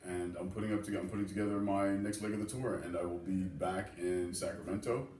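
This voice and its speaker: A comedian guest with a very deep voice, energetic and cursing freely as he talks. He sounds off-mic in an echoey room, and a faint hum of ambience sits under him. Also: a little fast, distant mic. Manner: energetic and swearing, running through tour plans. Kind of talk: casual interview chat.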